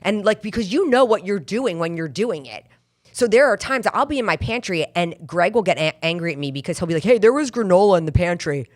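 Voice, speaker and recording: A middle-aged woman hosts a podcast with a candid, emphatic motivational monologue, repeating phrases for emphasis and mocking her own excuses in quick quoted asides. Her voice is fairly low and animated.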